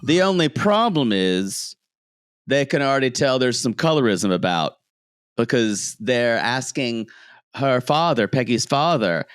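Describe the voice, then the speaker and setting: Animated man recapping a show, lively pitch. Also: slow, smooth, dry recording, studio quality. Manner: animated storyteller, acts out quotes, laughs often. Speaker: podcast co-host. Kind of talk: casual recap chat. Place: home, street noise outside.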